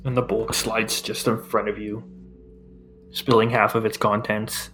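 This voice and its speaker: A man's voice: lowish voice, level tone, measured pace, fairly bright tone, soft background music. Man narrating as game master.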